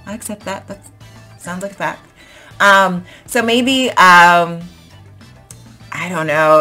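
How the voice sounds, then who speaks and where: In a relaxed explanatory lesson on English vocabulary, a young woman chats her way through, performing example sentences with frequent "um"s. Her voice is fairly low in pitch and a bit bright.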